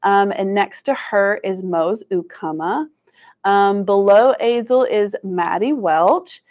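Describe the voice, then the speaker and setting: A woman leads a language lesson for schoolchildren at a museum talk. She is encouraging and patient, and she breaks words into slow syllables for the group to repeat back to her. Her voice sits at an ordinary middle pitch. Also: darkish tone. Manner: encouraging, call-and-response, slows to sound out syllables. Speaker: Cherokee language and culture educator. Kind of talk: teaching a children's language lesson. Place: museum presentation room.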